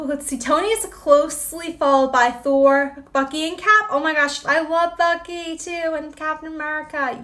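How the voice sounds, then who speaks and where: Bubbly high-voiced woman streamer. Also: a bit bright. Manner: bubbly, exclamatory. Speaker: livestream host. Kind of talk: casual livestream chat, reading viewer comments.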